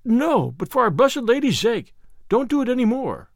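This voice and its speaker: A man's voice: sing-song, moderate pace, creaky, dry recording, studio quality, exaggerated voice. A man voicing a frightened young page boy. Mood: terrified. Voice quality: higher, trembling, archaic speech.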